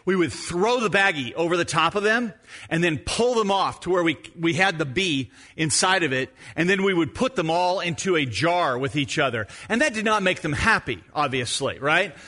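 A middle-aged man preaching, weaving a personal story into his sermon. His voice sits high for a man and rings bright and forward. He tells it in an animated way, acting out his own moments as he goes. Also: normal speed. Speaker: pastor.

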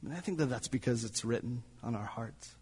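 A man's voice: mid-range voice, expressive, a little fast, darkish tone, breathy edge, long reverb tail. A male pastor preaching a sermon in a church, telling a story dramatically and sometimes dropping to near-whispers. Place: church sanctuary.

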